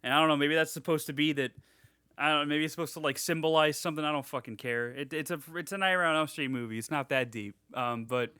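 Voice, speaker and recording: Podcast co-host, young man, rambling and profane, bright forceful voice, dry close sound. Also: fairly high pitch, fast, smooth, no room sound. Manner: rambling, swears a lot, many restarts. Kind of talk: casual chat.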